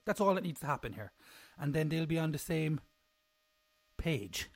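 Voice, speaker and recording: A man's voice: a little high, lively intonation, moderate pace, dry recording. A young man, hosting a casual solo recap podcast in a rambling, jokey, self-mocking way. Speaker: podcast host.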